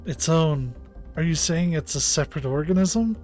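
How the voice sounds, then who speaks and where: Give me a man playing a calm young female cop, level and plain. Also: fairly high pitch, normal speed, faint music behind, close to an everyday voice. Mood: businesslike.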